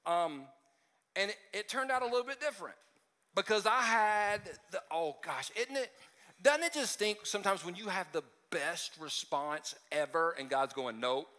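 Bright-voiced pastor preaching in a hall. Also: male voice, high-pitched. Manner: conversational and self-deprecating, with frequent restarts and asides. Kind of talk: sermon. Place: church sanctuary.

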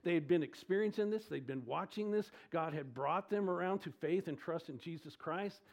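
A man preaching a sermon with emphatic delivery, asking the congregation questions and swinging between loud stresses and quiet lows. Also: moderate pace. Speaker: pastor.

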